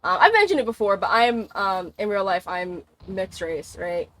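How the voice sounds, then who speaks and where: A woman's voice: medium pitch, sing-song, moderate pace, a bit bright. A young woman streaming a game, chatting casually, swearing, laughing and exclaiming as she plays.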